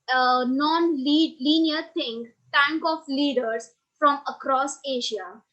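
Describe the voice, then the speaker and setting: A woman with a high voice hosts the conference session, reading a prepared introduction in a formal, polite way. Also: fairly bright tone, low-quality recording. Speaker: conference host.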